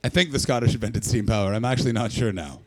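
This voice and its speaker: Profane, mocking comic. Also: male voice, fairly low pitch, quick pace, noisy background. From Canada. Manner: profane, mocking, loud bursts. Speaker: stand-up comedian. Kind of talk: crowd work stand-up.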